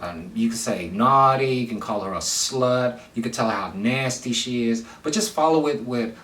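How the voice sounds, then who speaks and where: A man's voice: medium pitch, normal speed, hardly any pauses, fairly bright tone, far from the mic. Man talking loosely in a roomy space. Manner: loose, rambling, full of "you know" fillers and repeats. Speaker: vlogger giving dating advice. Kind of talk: casual talk to camera. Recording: roomy sound from away from the mic.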